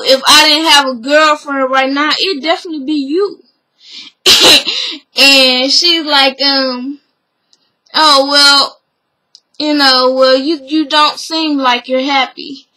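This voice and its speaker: A woman's voice: high voice, sharp tone, rough recording. A young woman talking casually and bluntly as a vlogger, acting out quotes and swearing freely as she recaps.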